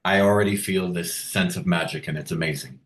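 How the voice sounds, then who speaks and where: A man in his fifties from Long Island, an author speaking on a video call, earnest and reflective, pausing to find his words. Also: low voice, fairly bright tone, reverberant. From Long Island, New York. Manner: thoughtful, earnest, halting with fillers. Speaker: author guest. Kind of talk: reflective conversational interview.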